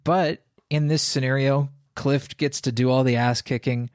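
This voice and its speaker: A man's voice: medium pitch, steady tone, moderate pace, a little mellow, no echo, clean studio sound. A man co-hosting a film podcast, talking in a thoughtful, analytical way with some fillers. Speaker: podcast co-host. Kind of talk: casual film discussion.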